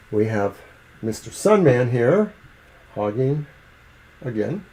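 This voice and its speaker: A man's voice: mid-range voice, very animated, a little slow, long pauses, warm tone, slight background noise, poor audio. A man co-hosting a live tarot stream, chatting in an easygoing, joking way and reading out the cards. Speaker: co-host and tarot reader. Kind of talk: casual live-stream chat.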